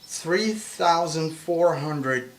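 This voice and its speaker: A man hosting a casual car chat, talking slowly and hesitantly with frequent laughs, recorded inside a small old car. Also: fairly high pitch, lively intonation. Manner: slow, hesitant, laughs often. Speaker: host. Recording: loud car and road noise.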